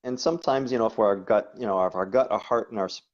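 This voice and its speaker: A man, a guest coach, talking casually and telling stories in an animated way, often repeating words. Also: on the low side, fast. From New York. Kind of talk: conversational storytelling. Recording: dull lo-fi audio.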